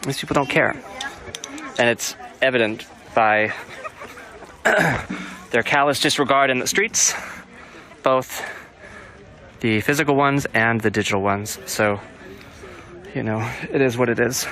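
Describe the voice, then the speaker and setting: A man's voice: mid-range voice, unhurried, long pauses, bright, forceful tone. A man live-streaming from a street protest outdoors, talking in blunt, sardonic commentary and swearing casually.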